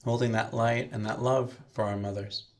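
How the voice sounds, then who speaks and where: A man minister leading a slow, soothing guided meditation with breathing cues, then speaking to a chapel congregation. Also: mid-range voice, fairly even intonation, a little mellow.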